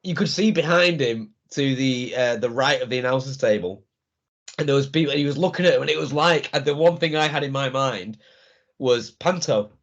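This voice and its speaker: Gravelly man, lo-fi sound. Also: mid-range voice, fairly quick, a bit bright. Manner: enthusiastic, laughing, acts out crowd reactions. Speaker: podcast co-host. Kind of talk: casual chat. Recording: dull lo-fi sound.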